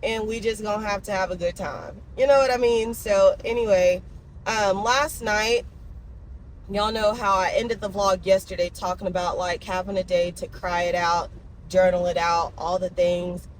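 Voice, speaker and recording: A young woman talks straight to her viewers in a loose, emotional vlog, her pitch sitting in the middle. Faint traffic and outdoor ambience hum behind her. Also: steady tone, normal speed. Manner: chatty, emotional, talks to her dogs in baby talk. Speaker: vlogger. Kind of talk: casual vlog chat.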